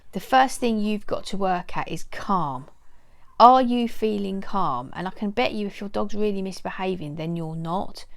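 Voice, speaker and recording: A middle-aged woman giving casual advice to camera, earnest and repeating her key points. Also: medium pitch. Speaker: dog owner giving training advice.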